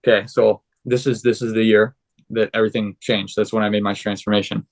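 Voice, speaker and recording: A man's voice: on the low side, a little fast, creaky. A young man, a podcast guest, casually recounting his story and acting out the lines of the people in it. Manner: animated, acts out quoted dialogue.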